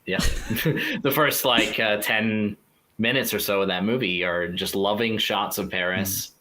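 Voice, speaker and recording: A man's voice: fairly low pitch, measured pace, sharp tone. A man co-hosting a podcast in casual chat, rambling loosely and laughing often. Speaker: podcast co-host.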